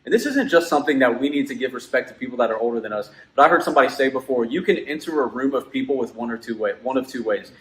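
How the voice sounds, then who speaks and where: A man's voice: medium pitch, fairly bright tone. Earnest man teaching in an echoey room. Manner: earnest, explanatory, builds to dramatic retellings. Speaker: student ministry leader. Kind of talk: Bible lesson discussion.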